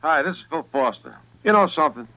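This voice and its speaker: A man's voice: on the high side, expressive, quick pace, bright, forceful tone, lo-fi sound. A man with a Brooklyn accent delivering a comic radio ad in wisecracking, folksy patter. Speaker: radio ad pitchman.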